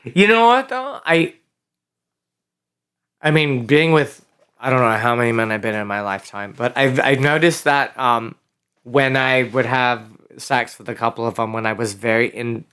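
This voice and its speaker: A man guesting on a podcast in crude, animated casual chat. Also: medium pitch, normal speed, clear, resonant tone. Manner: animated, crude, laughs easily.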